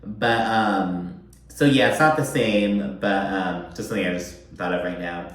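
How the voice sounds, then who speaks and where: Guy rambling thru a reality show recap, lots of ums and swearing, super echoey room. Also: unhurried. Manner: chatty, profane, heavy on fillers, mimics quoted people in a higher voice. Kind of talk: casual recap monologue.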